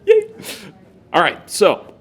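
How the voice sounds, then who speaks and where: A man's voice: high voice, huge pitch swings, slow. A man co-hosting, eagerly explaining a video game in casual chat. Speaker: co-host.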